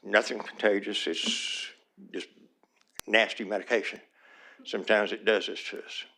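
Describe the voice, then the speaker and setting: A man's voice: lowish voice, level tone, moderate pace, vocal fry, pushed and bright. A man, a small-town mayor giving public comment at a city council meeting, earnest and pleading, his voice turning emotional as he repeats his requests.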